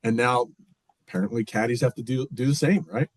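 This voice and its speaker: A man's voice: mid-range voice, fairly quick, no echo. A man co-hosting a casual golf podcast, joking and teasing his guest. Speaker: podcast co-host.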